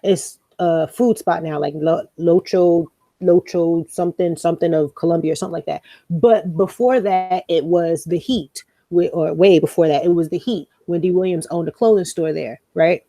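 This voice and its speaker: A woman's voice: lowish voice, moderate pace, no echo. A young woman co-hosting a podcast, telling stories in a casual, profane way and acting out what people said. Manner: animated, profane, acts out quoted lines. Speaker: podcast co-host. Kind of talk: casual storytelling chat.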